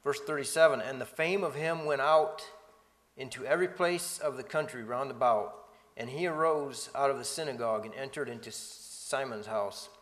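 A man in a reverberant space reads scripture aloud and comments between the passages. He stumbles and restarts now and then. His voice sits at a middling pitch. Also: moderate pace, a bit bright. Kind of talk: Bible study reading and commentary.

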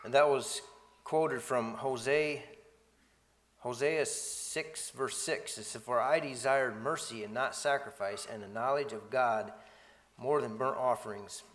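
A man reading Bible passages aloud and commenting on them, with halting restarts. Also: mid-range voice, fairly bright tone, big-room sound, slight background noise.

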